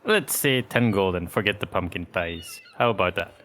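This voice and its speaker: A man's voice: low voice, lively intonation, moderate pace, a bit bright, a little hiss or hum. A man playing a tabletop game, haggling and incredulous. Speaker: player. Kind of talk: casual tabletop play.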